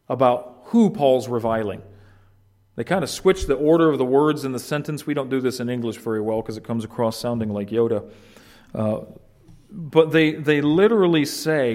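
A man's medium-pitched, somewhat mellow voice carries an expository sermon, earnest and emphatic in his teaching. As a pastor, he tends to restart phrases, with stress climbing as he drives points home.

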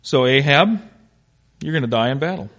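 A man teaching an interactive Bible lesson, animated and questioning his class with humor. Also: mid-range voice, normal speed.

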